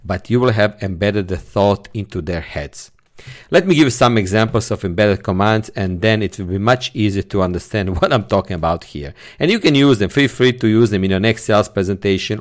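A man's voice: lowish voice, brisk. A man hosting a solo podcast, teaching sales techniques and stressing key words in his examples. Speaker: podcast host, sales trainer.

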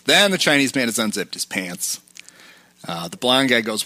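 A man's voice: medium pitch, big pitch swings, normal speed, bright, forceful tone, dry recording. A man hosting a podcast, casually retelling film scenes and quoting lines. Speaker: podcast host.

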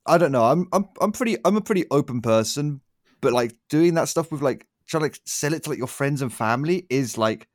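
Young male co-host, lively and loose, laughs easily, dry studio sound. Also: a little high, brisk, no echo. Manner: animated, laughing, swears casually. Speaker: podcast co-host. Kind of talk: casual chat.

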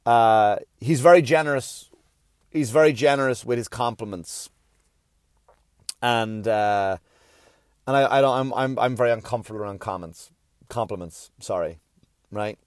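Rambling, stammering podcast host with dry sound. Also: male voice, on the low side, a little mellow, dry recording. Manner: rambling, self-deprecating, swears casually; stammers and restarts often. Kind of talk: casual podcast monologue.

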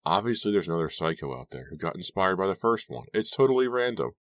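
A man's voice: deep voice, sing-song, fast, dry recording, voice pushed up. A man reading a showy, bossy teenage stage director who talks in a pushy, dismissive way.

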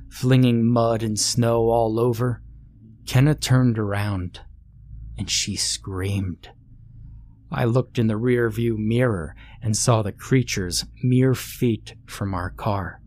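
A man reading a first-person creepypasta horror story aloud in a slow, hushed, somber narration. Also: mid-range voice.

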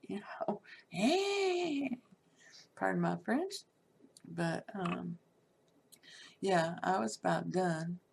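A woman's voice: fairly low pitch, expressive, extremely slow, vocal fry, pauses often, slight background noise. A middle-aged woman, candidly telling a personal life story in a casual, salty way, full of fillers.

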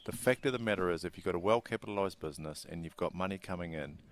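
A New man, a racing industry chief executive, answering interview questions in a measured, businesslike way with the odd filler. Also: sits low, a little hiss or hum. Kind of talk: studio interview.

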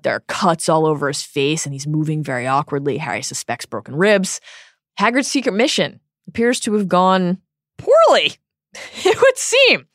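A woman co-hosting a podcast, recapping a book chapter with wry, animated asides. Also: low voice, dry recording, clean studio sound. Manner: wry, animated retelling with laughs. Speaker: podcast co-host. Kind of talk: casual book-discussion recap.

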